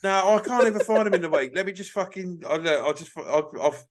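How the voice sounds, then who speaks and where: A young man co-hosting a casual chat, talking in a fairly high voice. He swears freely and stumbles through a read-aloud with little chuckles. The talk is loose and informal. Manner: sweary, laughing, reads aloud haltingly. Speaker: podcast co-host.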